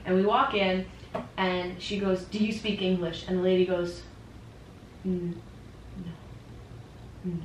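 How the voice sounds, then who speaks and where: Laughing, low-voiced woman in a roomy space. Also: fairly even intonation, measured pace, pauses often, slight background noise. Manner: laughing, chatty storyteller. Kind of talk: casual chat. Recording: roomy, distant mic with faint background.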